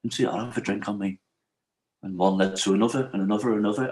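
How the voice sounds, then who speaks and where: A man's voice: lowish voice, steady tone, quick pace, darkish tone. Frank middle-aged man. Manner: frank and emotional, retells what others said to him; often asks "you know what I mean?". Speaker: podcast guest. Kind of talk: candid personal storytelling in an interview.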